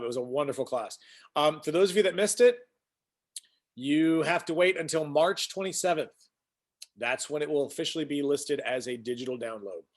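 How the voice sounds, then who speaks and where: A man hosting a casual weekly live stream, rambling as he greets viewers by name and shares news. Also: medium pitch. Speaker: host.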